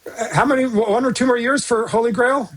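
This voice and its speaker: A man's voice: extremely high pitch, a little fast, a bit bright. An older man from the United States, chatting as a podcast guest in a self-deprecating, rambling way with frequent chuckles. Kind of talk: casual conversation.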